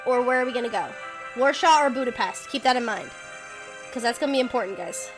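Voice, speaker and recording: A woman's voice: a little high, fast talker, music in the background, rough recording. A young woman streaming a story game, chatting casually, thinking aloud and asking her viewers what to pick.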